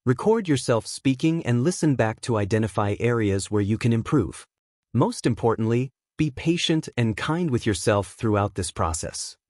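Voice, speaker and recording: A man co-hosting a language-learning podcast, giving clear, measured scripted explanations. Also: medium pitch, a little mellow, no echo, clean studio sound. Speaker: podcast co-host. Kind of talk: scripted teaching talk.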